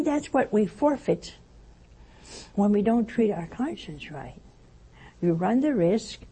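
A woman giving a spiritual talk, telling a story in a lively way and acting out the voices she quotes. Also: mid-range voice, vocal fry, breathy edge, rough recording. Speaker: religious teacher.

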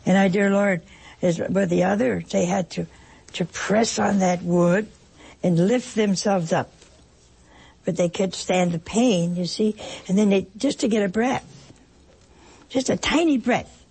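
A woman preaching an emotional sermon, pausing dramatically and dropping at times to a whisper. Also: medium pitch, creaky, darkish tone, slightly rough.

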